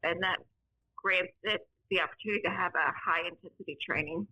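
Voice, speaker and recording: A woman's voice: fairly low pitch, brisk, pushed and bright, slightly rough, dry recording, low-quality recording. A woman from Kentucky with a faint Southern accent, a podcast guest chatting casually and poking fun at herself. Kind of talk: casual chat.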